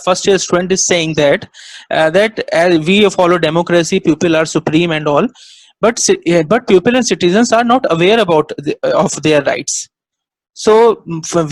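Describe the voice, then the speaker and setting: A man's voice: sits high, no room sound, low-quality recording. A young man moderating a webinar, hesitantly reading out student questions and answering with yes, sir. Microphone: video call.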